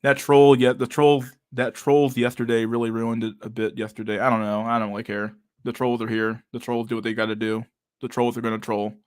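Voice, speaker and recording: A young man hosting a casual livestream reads chat messages aloud, speaking with a lisp, a stutter, and many fillers. His medium-pitched voice is clear and resonant, a little fast, with little pitch movement, in clean studio sound without echo.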